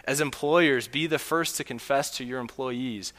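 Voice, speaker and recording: A pastor with a medium-pitched, slightly bright voice preaches an earnest sermon at a normal pace, telling a story and acting out quotes to make his point. A long hall reverb surrounds the recording.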